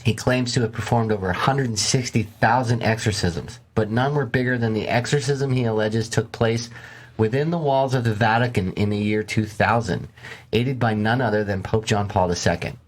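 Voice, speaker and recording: A man's voice: fairly low pitch, a little fast. A man co-hosting a casual podcast, reading out stories and breaking in with joking, profane asides. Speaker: podcast co-host.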